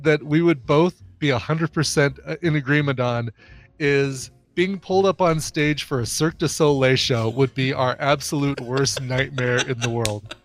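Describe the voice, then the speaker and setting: A man's voice: medium pitch, moderate pace, faint music behind. Rambling, joking male podcast host. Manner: rambling, hesitant with fillers, joking. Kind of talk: casual podcast chat.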